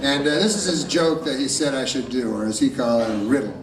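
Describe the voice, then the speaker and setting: A man doing stand-up comedy with a deadpan, rambling delivery, on stage before a laughing audience. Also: medium pitch, fast, crowd noise. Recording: roomy, distant live stage recording. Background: loud audience laughter.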